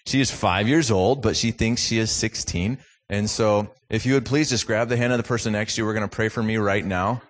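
A man's voice: on the low side, fairly quick. A man from Minnesota in his thirties or forties giving a guest sermon in a church, mixing joking, self-deprecating family stories with fervent preaching. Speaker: guest speaker from a youth ministry.

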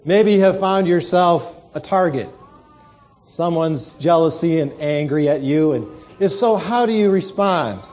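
A man's voice: a little high, mellow. A male pastor preaching a sermon, telling stories and asking the congregation rhetorical questions.

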